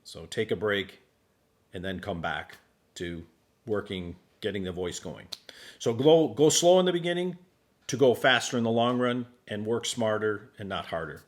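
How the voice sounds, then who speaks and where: A man leading a singing warm-up lesson as a voice teacher, calm and encouraging. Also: on the low side, moderate pace. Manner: calm, encouraging instructor, demonstrates sung vowels. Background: piano accompaniment.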